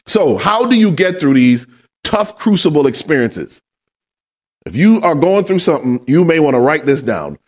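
High-voiced lively preaching man. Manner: call-and-response questions to the congregation; builds to shouted emphasis. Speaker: pastor. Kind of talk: sermon.

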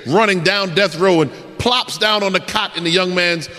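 Male preacher, high and bright, dramatic storytelling sermon in an echoey church hall. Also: normal speed. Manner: dramatic, swinging from shouts to hushed endings.

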